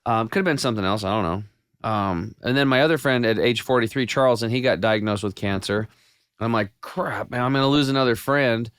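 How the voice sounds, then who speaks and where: A man guest on a podcast, telling his health story in a casual, animated way with many restarts. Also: lowish voice, fairly quick, clean tone, dry recording, clean studio sound. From United States. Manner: animated storyteller with frequent restarts and quoted self-talk.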